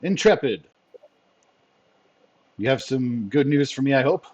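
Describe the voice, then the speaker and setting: A man voicing a formal male spy chief who speaks in a measured, dryly wry way. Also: medium pitch, animated, a little mellow, dull audio, pitched above the performer's own voice.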